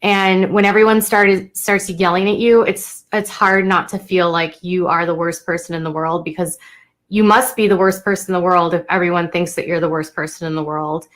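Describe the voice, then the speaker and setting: Young woman streaming, kinda low voice, lots of ums and restarts, emotional. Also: steady tone, fairly bright tone. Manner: halting and emotional, many fillers and restarts. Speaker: YouTuber live-streaming to viewers. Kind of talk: unscripted live-stream talk to chat.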